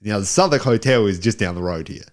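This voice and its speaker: A man's voice: fairly low pitch, lively intonation, fast. An Australian man co-hosting a film review podcast in casual chat, often repeating and restarting his words.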